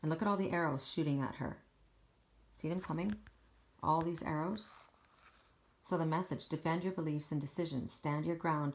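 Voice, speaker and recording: A woman's voice: low voice, a little hiss or hum. A woman giving a casual, encouraging oracle card reading, talking in an emphatic, chatty way.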